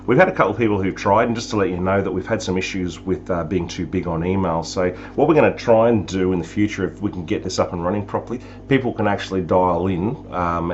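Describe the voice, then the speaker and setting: A man's voice: sits low, a little hiss or hum. An Australian man hosting a live talk show, chatting casually with jokes and sarcasm. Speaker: show host. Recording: dull lo-fi sound, faint music.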